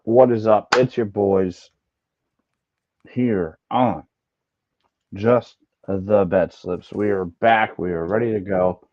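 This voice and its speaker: A man's voice: low voice, slow pace, pauses often. A man hosting a casual sports betting podcast, joking around with his co-hosts and stumbling over words now and then. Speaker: podcast host. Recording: slightly dull lo-fi audio.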